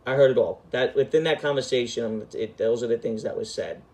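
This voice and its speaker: Swearing freely and speaking with street-style emphasis, a middle-aged storyteller host tells a casual story. His medium-pitched voice is a little mellow and fairly quick.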